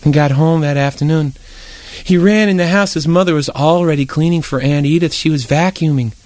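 A man telling a children's story aloud with lively, animated narration. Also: on the high side, fairly quick, no room sound.

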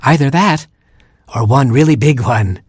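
A man voicing a kindly, brisk kangaroo doctor in a storybook reading, soothing and matter-of-fact. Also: medium pitch, breathy edge, dry recording, studio quality.

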